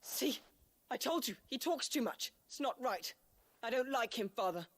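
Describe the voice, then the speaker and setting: A woman voices a spoiled, cruel noble boy in a game cutscene, whining and sneering in a high voice. He is petulant and looks down on everyone around him. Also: lively intonation, normal speed. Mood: scornful. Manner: whiny, petulant and scornful. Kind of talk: video game cutscene acting.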